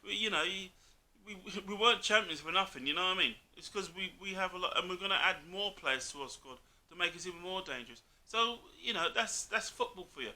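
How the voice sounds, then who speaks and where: A man's voice: high voice, lively intonation, fast talker, pushed and bright. A man arguing about football in a casual chat, bluntly, calling the other speaker mate over and over. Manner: blunt, argumentative, says "mate" constantly. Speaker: co-host, Liverpool fan.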